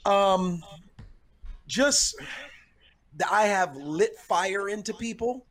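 A middle-aged comedian, a guest on a podcast, who tells stories in a measured way, often restarting as he gathers his thoughts. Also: sits high, expressive, a bit bright. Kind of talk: conversational storytelling.

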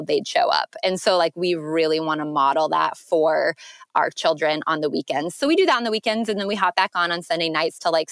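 A woman guest in a casual interview, talking earnestly with lots of filler words and lively rises in pitch. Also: no room sound, clean studio sound. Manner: earnest, animated, frequent "like" fillers. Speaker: podcast guest.

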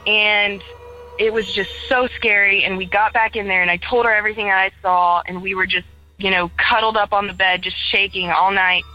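A woman's voice: mid-range voice, steady tone, brisk, highs cut off, faint music behind. A young woman calling in to tell a ghost story in casual first person, chatty and full of "like," acting out the dialogue as she goes. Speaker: caller sharing a ghost story.

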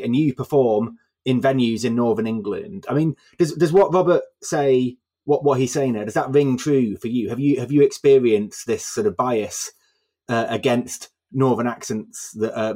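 A man's voice: medium pitch, moderate pace, a little mellow, breathy edge. A man hosting a podcast interview, posing questions conversationally with filler sounds. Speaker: podcast host.

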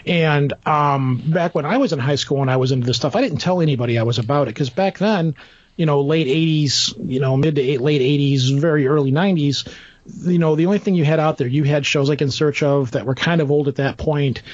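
Middle-aged guy rambling through a story, kinda high voice, dull dry lo-fi sound. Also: fairly quick, darkish tone, dry recording. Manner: rambling, acts out quoted voices. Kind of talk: casual storytelling.

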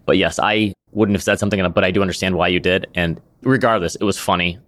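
A Midwestern American man co-hosting a podcast in casual chat. He talks quickly in a lowish voice and sounds amused as he tells a story. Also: steady tone, fairly bright tone. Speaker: podcast co-host.

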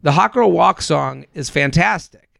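A comedian chatting casually on a podcast, rambling with many fillers and restarts. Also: male voice, a little high, animated, unhurried, gravelly, fairly bright tone, no echo, studio quality.

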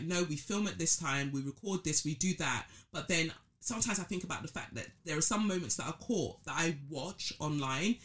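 Bright-voiced woman musing aloud. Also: lowish voice. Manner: reflective, thinking aloud with many fillers. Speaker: podcast host. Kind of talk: casual solo commentary.

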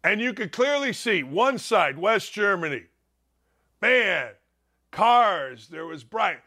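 A middle-aged man hosting a sports talk show, telling loud stories and swinging from low mutters to shouted outbursts. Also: big pitch swings, slow. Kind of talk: opinionated sports talk monologue.

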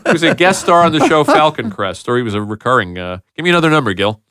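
A man hosting a podcast, chatting casually and reading out TV show titles, names and dates in a quick, animated way. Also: medium pitch, dry recording, clean studio sound. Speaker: podcast host. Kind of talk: casual chat, reading out TV listings.

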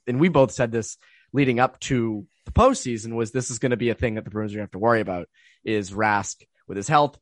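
A man co-hosting a sports podcast, talking in an easygoing, joking way with halting restarts. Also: medium pitch, no room sound. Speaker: podcast co-host. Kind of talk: casual sports podcast chat.

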